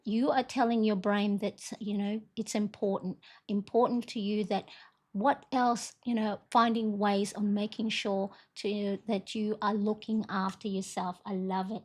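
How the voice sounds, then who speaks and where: A woman's voice: medium pitch, level tone, unhurried. A middle-aged woman hosting a casual live stream, talking in a rambling, encouraging way with lots of fillers. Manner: chatty, rambling, warm encouragement with frequent fillers. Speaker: livestream host.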